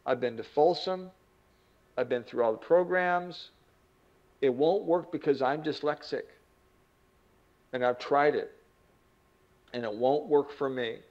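A man's voice: fairly high pitch, a little slow, long pauses, highs cut off, natural voice. A man quoting an angry ex-convict. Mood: defiant. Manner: blunt and defiant.

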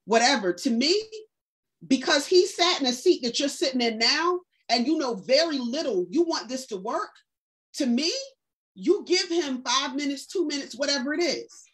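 A woman in her forties, an author and educator, telling stories casually in a book discussion. She speaks in loose, vernacular phrasing and acts out the lines of people she quotes. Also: normal speed. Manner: casual and vernacular, acts out quoted speech with lively pitch jumps. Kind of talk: conversational storytelling in a book discussion.

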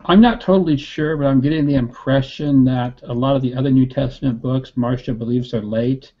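A man in a casual online study group who explains points in a measured way over a video call. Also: mid-range voice. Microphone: computer mic on video call. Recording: dull lo-fi call audio.

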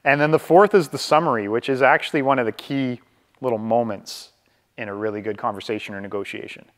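A Canadian man giving a live real estate training over a video call. He talks conversationally, keeps asking "right?", and slows down on purpose to model calm. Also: medium pitch, big-room sound.

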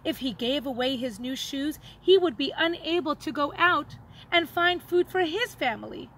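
A woman teacher reading a children's story aloud in an expressive, dramatic way. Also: sits high, normal speed, a little hiss or hum, poor audio.

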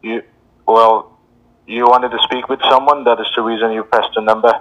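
A man's voice: mid-range voice, little pitch movement, moderate pace, fairly bright tone, muffled recording. A man with an Indian accent on a scam call, blunt and combative, swearing back at the caller.

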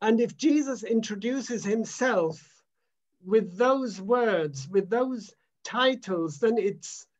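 A man minister preaching a sermon in an emphatic, measured way, repeating phrases for weight. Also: sits high, animated, muffled recording.

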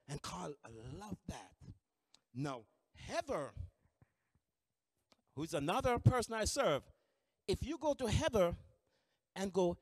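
Male trainer, high lively voice, animated storyteller, reverberant hall. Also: slow pace, long pauses, studio quality. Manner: animated storytelling, many restarts. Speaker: employment trainer. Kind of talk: training lecture with stories.

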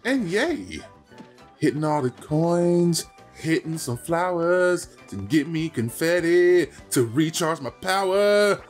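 A man's voice: fairly high pitch, expressive, slow, soft background music. A man co-hosting a let's play, joking around in casual gameplay commentary and slipping into silly character voices. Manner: playful, jokey, slips into character voices.

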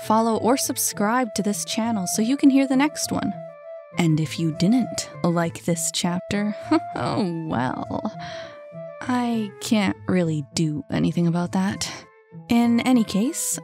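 A woman author narrating her own story in a soft, hushed reading voice. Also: mid-range voice.

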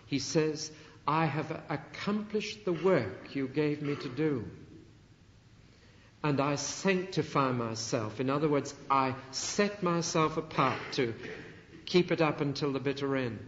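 Earnest male preacher in a reverberant hall. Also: a little high. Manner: earnest, emphatic preaching with dramatic pauses. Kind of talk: sermon. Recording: dull archival sermon recording in a reverberant hall.

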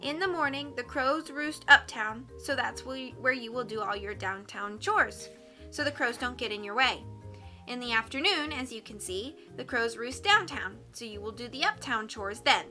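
Bossy rule-reciting young elder voiced by a woman; high, bright. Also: lively intonation, normal speed, soft background music.

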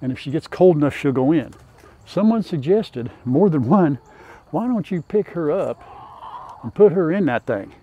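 A man's voice: on the high side, expressive, moderate pace, warm tone, breathy edge, highs cut off. An older man chatting folksily in a farm vlog, talking to his chickens and viewers outdoors by a pen on a lapel mic. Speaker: farm vlogger. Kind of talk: casual farm vlog talk.

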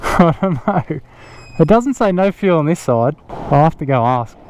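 An Australian man narrating his motorcycle trip in a relaxed, rambling way, outdoors on a camera mic. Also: fairly high pitch, unhurried. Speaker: motorcycle vlogger. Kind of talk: casual vlog narration. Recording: loud wind and engine noise.

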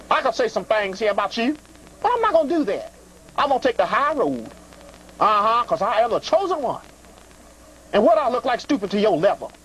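A man with a very high, swooping voice hosts a live call-in show. He talks theatrically and preachily, calling his callers "honey". A faint hiss sits under the voice. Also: rough recording.

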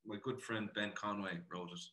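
A man from Ireland giving a casual interview as an actor, animated and chatty, often saying "you know" and calling the interviewer brother. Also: on the low side, moderate pace. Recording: roomy echo.

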